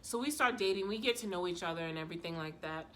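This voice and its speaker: A woman vlogger telling a story in a casual, animated way, full of slang and sass. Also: lowish voice, quick pace, a little hiss or hum.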